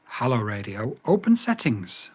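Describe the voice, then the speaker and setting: A man in a casual review vlog, his pitch leaping all over as his patience runs out. He swears and keeps repeating the same voice commands, exasperated and blunt. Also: big pitch swings, a little slow, breathy edge. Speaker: vlogger reviewing a drone radio.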